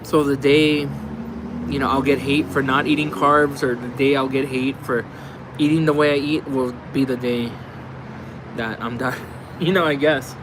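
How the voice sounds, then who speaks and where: Against a noisy background, a man speaks at a moderate pace in a medium voice with little pitch movement. He's hosting a livestream, going through viewer comments in loose, rambling chat peppered with cursing and frequent laughter.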